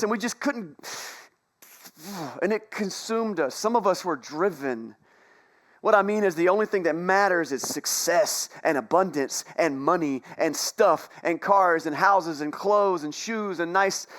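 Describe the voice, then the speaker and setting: A man with a slightly high voice delivers a sermon in a church sanctuary. He tells the story in a conversational way, slipping in playful asides and quick jokes as he goes. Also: fairly bright tone. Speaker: pastor.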